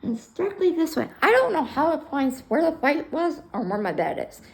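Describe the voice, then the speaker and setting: A woman's voice: sits high, sing-song, brisk, creaky, low-quality recording. A woman casually telling a personal story on her vlog, blunt and heated, swearing freely and sometimes dropping almost to a whisper.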